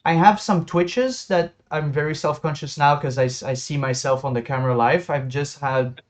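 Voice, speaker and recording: A man's voice: a little high, steady tone, moderate pace. A man hosting a casual livestream chat about running tabletop games, chatty and self-conscious, often laughing. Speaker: host, game master.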